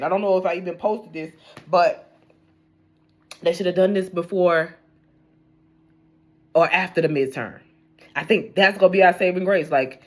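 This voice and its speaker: A young adult woman with a lowish voice, a news commentator vlogger, delivers a blunt, rambling rant about the news laced with profanity. Speaking casually and unscripted, she keeps restarting sentences as her thoughts outpace her.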